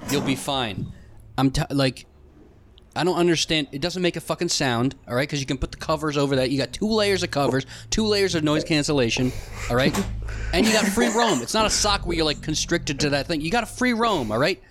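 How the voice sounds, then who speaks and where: A man's voice: fairly high pitch, lively intonation, brisk, a bit bright, slight background noise. Rowdy profane man in casual banter. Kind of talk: crude casual chat.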